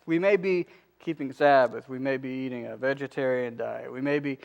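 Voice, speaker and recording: A man's voice: medium pitch, normal speed, creaky, highs cut off. A man in his forties giving a conversational sermon in a church, pleading with the congregation and adding many asides. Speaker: pastor. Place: church sanctuary.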